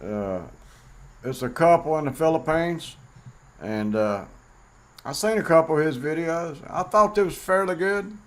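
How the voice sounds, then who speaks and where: A man's voice: a little high, a little slow. A middle-aged man talking bluntly and plainly in a casual vlog monologue, rambling with fillers. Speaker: vlogger host.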